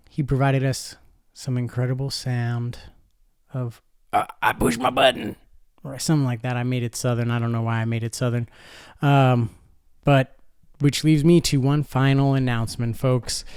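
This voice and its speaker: A man's voice: mid-range voice, a little mellow, smooth, no room sound, studio quality. A man hosting a fan podcast alone, talking casually and rambling, calling his listeners folks. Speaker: podcast host. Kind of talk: casual solo podcast talk.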